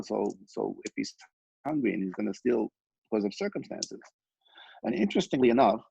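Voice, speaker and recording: A man's voice: medium pitch, creaky, darkish tone, husky, no echo. A man giving a Torah lesson, telling a story with frequent restarts. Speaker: Torah teacher. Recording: dull, dry lo-fi recording.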